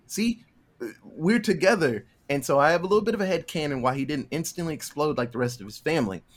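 A young male podcast host chatting loosely through a movie's story. His voice sits a touch higher than most men's, and his delivery is relaxed and peppered with curse words. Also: racing. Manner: laid-back, swearing, acts out characters' lines. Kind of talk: casual chat retelling a film plot.

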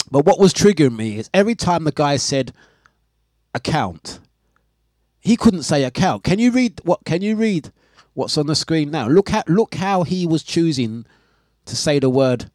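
Man, radio host, casual storytelling, exasperated, laughing, expressive pitch. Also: unhurried, long pauses, no echo, clean studio sound. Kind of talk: casual chat on live radio stream.

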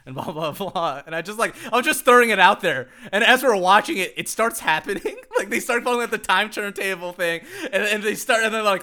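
A man's voice: high voice, fast, few pauses, pushed and bright. A young man co-hosting a podcast, chatting casually in a rambling way, swearing a lot, laughing often and saying "like" constantly. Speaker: podcast co-host. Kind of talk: casual chat.

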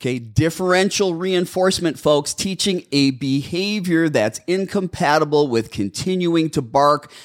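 A man's voice: on the high side, normal speed, hardly any pauses. A middle-aged man co-hosting a casual talk on dog training, acting out owners and dogs with big jumps in his voice. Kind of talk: casual podcast chat.

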